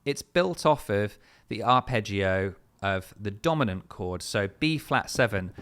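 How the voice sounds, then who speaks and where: A man's voice: on the low side, lively intonation, unhurried, fairly bright tone, clean tone. A man teaching guitar step by step, in a patient, explanatory way with frequent fillers. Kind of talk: step-by-step music lesson. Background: his own guitar playing between phrases.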